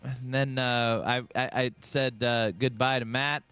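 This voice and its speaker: A man hosting a podcast, telling a story in casual chat and pausing often on filler sounds. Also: medium pitch, steady tone, bright, forceful tone, clean tone, no room sound. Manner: rambling storyteller, many filler "uh"s. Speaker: podcast host and slot streamer.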